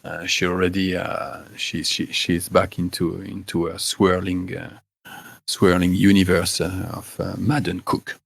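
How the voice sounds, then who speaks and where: A man narrating a tabletop game as game master, halting and full of fillers and restarts. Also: deep voice, flat delivery, gravelly, a bit bright, breathy edge, no room sound.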